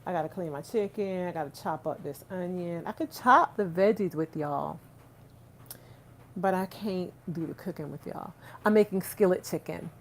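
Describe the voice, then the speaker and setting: A woman hosting a livestream chats with viewers while cooking at home, rain outside, laughing frequently and talking to them directly. Her pitch is fairly low and her speed normal, and the audio from the phone on the counter is poor.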